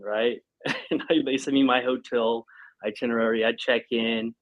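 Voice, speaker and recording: A man in his thirties, a guest on a podcast, telling a story in a casual, animated way and acting out what people said. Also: medium pitch, normal speed, muffled recording. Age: 30s. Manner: animated, acts out quoted speech, laughs often. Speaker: podcast guest, company president.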